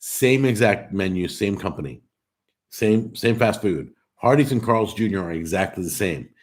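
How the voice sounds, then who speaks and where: A man hosting a casual live stream, reading out viewer comments and answering them in an animated, talkative way. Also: fairly low pitch, moderate pace. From California. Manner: talkative and animated, with frequent restarts. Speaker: host of a cooking live stream.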